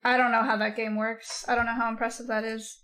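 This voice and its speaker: A woman's voice: on the high side, little pitch movement, fast, fairly bright tone. A woman streamer chatting casually with her viewers, reacting aloud to their comments and to clips. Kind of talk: casual chat with live viewers.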